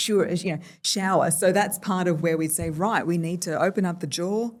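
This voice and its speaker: An Australian woman talking as a voice coach in a relaxed podcast chat. Her voice sits a little low and stays lively, leaping up and down as she tells her anecdotes. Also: normal speed, hardly any pauses, a little hiss or hum. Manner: animated storyteller, playful vocal shifts. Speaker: voice coach guest. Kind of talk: casual podcast interview.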